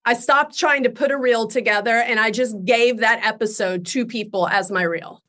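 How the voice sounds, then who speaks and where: A young woman chatting as an interview guest, telling animated stories and laughing often. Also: fairly high pitch, normal speed. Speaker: guest actress. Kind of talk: casual interview chat.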